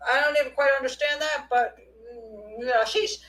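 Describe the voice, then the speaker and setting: A woman's voice: sits high, expressive, fairly quick, poor audio. A woman hosting a live call-in show, talking in a chatty, rambling way and laughing often. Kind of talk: casual live call-in chat.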